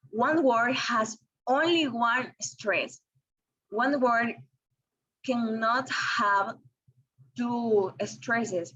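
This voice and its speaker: A young woman with Spanish as her first language, giving a careful, deliberate lesson presentation in English. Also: a little high, fairly bright tone, slightly rough. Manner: careful, deliberate, with small restarts. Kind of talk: read-aloud lesson presentation. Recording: dull lo-fi recording.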